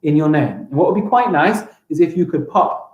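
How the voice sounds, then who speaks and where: A young English man teaching a live-streamed primary school lesson, upbeat and encouraging, sounding out words slowly. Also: fairly high pitch, expressive, reverberant, highs cut off.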